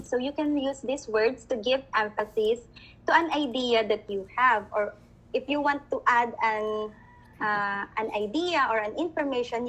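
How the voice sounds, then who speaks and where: A woman's voice: on the high side, fairly bright tone, rough recording. A woman teacher with a Filipino accent, giving an online class lecture over a video call, mixing English with Tagalog and often checking that students understand.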